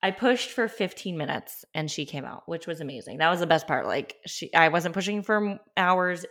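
In a low, expressive and slightly bright voice at a moderate pace, a young woman on her podcast tells of her births. The storytelling is candid and chatty, packed with filler words and frank emotion.

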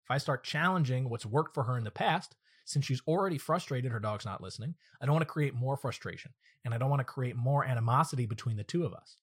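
A man delivers a solo podcast monologue as a working dog trainer. His voice is slightly husky and sits in an ordinary middle pitch. He speaks directly and earnestly, teaching his listeners through his own stories. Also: expressive, fast, hardly any pauses.

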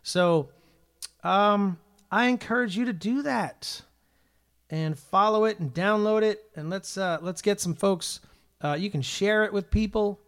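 Upbeat male worship-leader host; loose, chatty livestream delivery, slightly raised pitch. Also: unhurried, a bit bright, clean tone. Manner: upbeat, chatty, full of ums and uhs. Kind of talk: casual livestream chat.

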